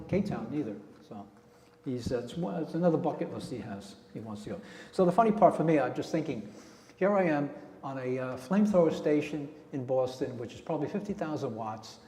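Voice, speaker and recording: A man's voice: medium pitch, animated, a little fast, dark tone. Chatty man leading a club meeting in an echoey hall. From New Jersey. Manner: chatty, rambling storyteller. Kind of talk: casual meeting talk. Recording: echoey hall with long reverb.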